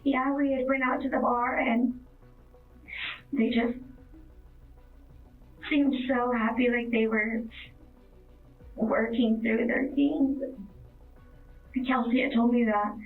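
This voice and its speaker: A woman's voice: on the high side, little pitch movement, slow, long pauses, soft background music. Hesitant young woman on a distant tinny recording. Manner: hesitant, rambling with many fillers. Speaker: witness. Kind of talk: police interview.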